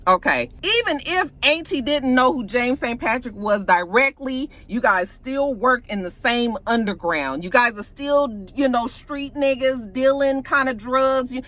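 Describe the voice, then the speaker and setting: Bright, animated woman recapping a show. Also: high voice, measured pace, few pauses. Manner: animated, profane, acts out scenes. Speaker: TV show reviewer. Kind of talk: casual TV episode recap.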